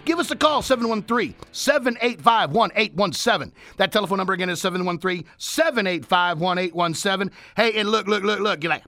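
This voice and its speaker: Bright, high-pitched hyped radio host man. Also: fairly quick, gravelly, few pauses, no room sound. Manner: hyped, repetitive, motivational. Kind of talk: energetic talk radio monologue. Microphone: studio microphone.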